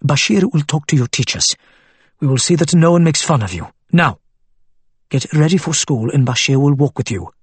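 A man voicing a gentle but firm elderly grandfather who speaks softly and patiently. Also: a little high, animated, breathy edge, no room sound. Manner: soft, measured, patient.

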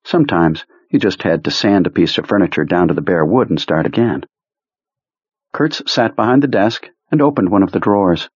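Low, husky male audiobook narrator. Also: animated, moderate pace, no room sound, highs cut off. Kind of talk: scripted narration.

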